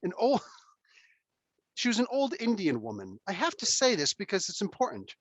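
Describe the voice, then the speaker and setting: A man hosting a casual podcast chat, telling stories in an animated, emphatic way and swearing freely. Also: high voice, normal speed, no echo. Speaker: podcast host.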